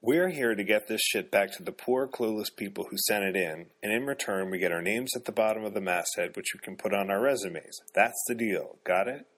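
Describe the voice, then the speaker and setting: A man's voice: fairly low pitch, brisk, hardly any pauses, a bit bright, husky. A man voicing a cynical young male editorial intern who talks dismissively. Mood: scornful. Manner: scornful, dismissive.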